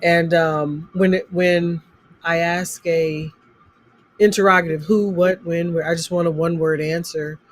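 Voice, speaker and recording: A language teacher in a relaxed chat, describing classroom struggles with frequent pauses and laughter. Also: mid-range voice. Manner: unhurried, trails off with fillers, laughs at own stories. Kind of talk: casual conversation about teaching.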